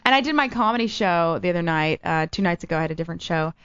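A young woman stand-up comic chats with lively, animated energy, swinging easily between stories and banter. The recording is dry and a little dull, like a lo-fi studio mic with no room sound. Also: on the low side, very fast, clean tone, no room sound. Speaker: comedian. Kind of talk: casual chat.

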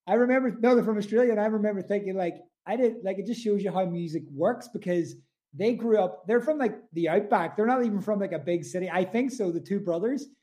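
A man's voice: high voice, quick pace, dark tone. A man with an Irish accent, a musician guest chatting casually in an interview, rambling with lots of "like" and "you know".

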